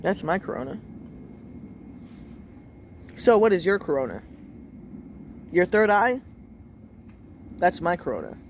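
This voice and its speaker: High-voiced man ranting, swearing hard. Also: sing-song, takes it slowly, long pauses, slight background noise. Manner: emphatic, swears a lot, repeats phrases. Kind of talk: casual profane rant.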